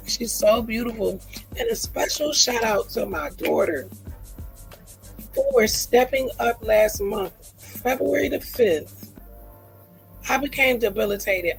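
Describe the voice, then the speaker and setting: A middle-aged woman speaks straight to her livestream audience, heartfelt and earnest, leaning on repetition to drive points home. Her voice has a gravelly, fry-laden texture at a middling pitch. Faint music plays quietly behind her. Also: rough recording. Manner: earnest, heartfelt, repeats phrases for emphasis. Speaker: livestream host. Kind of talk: emotional personal livestream talk.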